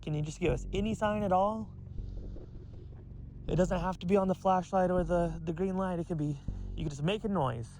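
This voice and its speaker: Gravelly man hunting ghosts outdoors. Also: sits high, moderate pace, pauses often, a little hiss or hum. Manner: hushed, nervous calls to spirits. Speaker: paranormal investigator and host. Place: outdoors at night by a bridge in the woods.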